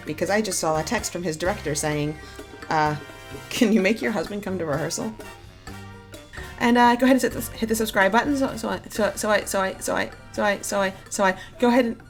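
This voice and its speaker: Speaking at medium pitch, a beauty vlogger in her thirties casually unboxes beauty products at home. She jokes at her own expense with dry humor as she goes over the prices.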